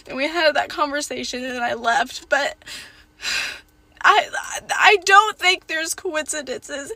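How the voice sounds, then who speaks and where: A young woman sharing a personal testimony in a halting, rambling way, tearful as she speaks. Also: high voice, sharp tone, no echo.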